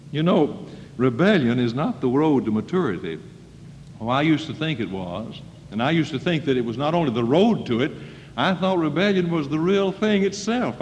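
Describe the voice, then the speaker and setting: Male preacher, folksy sermon delivery, faint hiss on an old, muffled tape. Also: mid-range voice. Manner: folksy, acts out quoted voices, rising to loud emphasis. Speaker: preacher at a school chapel. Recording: dull old recording in a reverberant hall.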